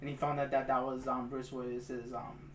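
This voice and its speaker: A young man co-hosting a movie review, retelling the plot quickly and excitedly. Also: mid-range voice, roomy sound, lo-fi sound, slight background noise. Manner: excited, fast retelling, says "bro". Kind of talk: casual movie chat.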